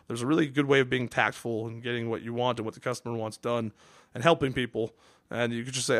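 A man's voice: medium pitch, dry recording, studio quality. A man co-hosting a podcast in casual banter, ranting and swearing freely. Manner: fast, profane, ranting. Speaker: podcast co-host.

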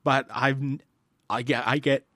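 A man from Canada co-hosting a podcast in casual banter, with wry, deadpan retorts. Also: mid-range voice, a little slow, dry recording, clean studio sound. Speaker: podcast co-host.

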